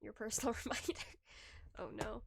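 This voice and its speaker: A woman's voice: fairly high pitch, steady tone, a little fast, vocal fry, slightly rough, no room sound. A young adult woman livestreamer chatting casually with her viewers, rambling, laughing often and restarting her sentences, close to a desk microphone. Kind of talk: casual stream chat reading chat.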